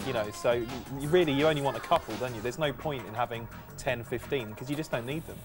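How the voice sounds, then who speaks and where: A man's voice: mid-range voice, fast talker, over music. A man chatting as a studio guest, wry and opinionated. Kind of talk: casual chat.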